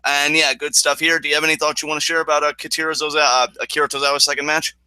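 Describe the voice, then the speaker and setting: A man co-hosting a casual wrestling review podcast, excitable and swearing as he recaps. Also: a little high, rapid-fire, smooth, no room sound, low-quality recording. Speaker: podcast co-host.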